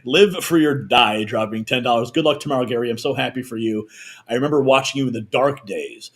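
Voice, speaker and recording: A man in the middle pitch range hosts a live news stream, running through donations and viewer messages with energy. He fires off quick, chatty asides between them.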